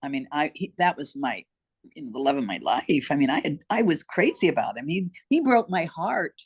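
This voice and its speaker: A woman's voice: extremely low pitch, big pitch swings, fairly quick, slightly rough. An older woman, a podcast guest, recounting her life story in an emphatic, repetitive way. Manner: emphatic, repeats herself for weight. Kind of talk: personal storytelling in conversation.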